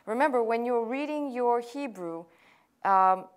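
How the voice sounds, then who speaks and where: A woman pastor teaching a language lesson in a patient, explanatory lecture style, pausing with frequent fillers while she writes on a board. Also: on the high side, smooth. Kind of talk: classroom lecture.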